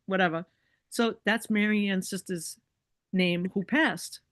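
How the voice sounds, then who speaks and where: A woman's voice: medium pitch, steady tone, a little slow, dry recording. A woman chatting as a podcast guest, telling a long personal story full of likes and you-knows and acting out what people said. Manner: chatty, many likes and you-knows, acts out quoted voices. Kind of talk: casual storytelling chat.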